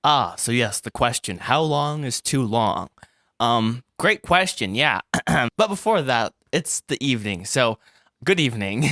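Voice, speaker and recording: A young man vlogging about his animated film in a rambling, chatty, self-deprecating way, speaking into a desk microphone at home. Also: medium pitch, no room sound, studio quality. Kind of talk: casual work vlog.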